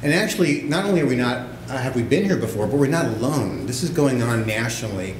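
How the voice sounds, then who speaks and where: A man gives a conference talk with a loose, joking, self-deprecating delivery. His voice rings through a large echoey room. A steady hum of background noise sits under him. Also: mid-range voice, quick pace. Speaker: conference panelist, evaluator. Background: audience laughter.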